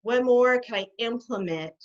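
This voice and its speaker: Animated woman telling stories, dull sound. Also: on the high side, normal speed. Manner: animated storytelling, laughs often. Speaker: guest, behaviour specialist. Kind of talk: conversational interview.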